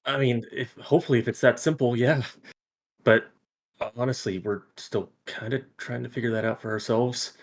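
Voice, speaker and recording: A man's voice: mid-range voice, steady tone, moderate pace. A man playing a tabletop game, talking casually and unsurely with many fillers. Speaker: player.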